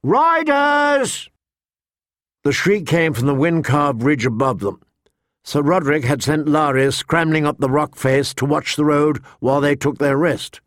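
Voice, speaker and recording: Measured male audiobook narrator. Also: fairly high pitch, fairly even intonation, no echo, clean studio sound. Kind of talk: scripted narration.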